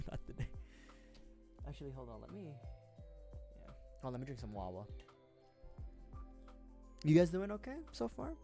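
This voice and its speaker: A man's voice: on the high side, very animated, normal speed, gravelly, pauses often, warm tone, soft background music. Rambling young man chatting on stream. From Philippines. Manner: rambling, chatty, self-deprecating. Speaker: livestreamer building a model kit. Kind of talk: casual chat.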